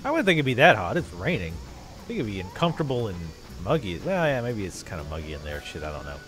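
A man's voice: on the low side, wildly swooping pitch, quick pace, fairly bright tone, soft background music. A man casually commentating on a role-playing game he is playing, joking, swearing and putting on silly voices. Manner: jokey, profane, puts on silly voices. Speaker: let's play host.

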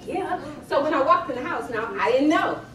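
High-pitched and fairly fast, a middle-aged woman, a personal chef from Cleveland, Ohio, chattily spins funny tales for a library audience, laughing throughout. There's slight background noise, plus echo, a distant mic and crowd sounds.

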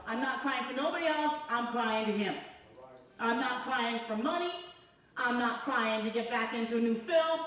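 A woman's voice: fairly high pitch, moderate pace, a bit bright. A woman evangelist preaching a sermon in a church, fervent and conversational, drawing the congregation in with call-and-response. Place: church sanctuary. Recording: echoey church hall from far off.

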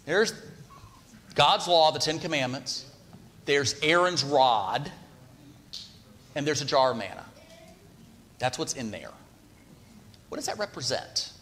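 A man's voice: a little high, animated, takes it slowly, pauses often, fairly bright tone. Conversational male preacher, reverberant hall. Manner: conversational, asks the congregation questions. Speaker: pastor. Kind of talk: sermon. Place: church sanctuary.

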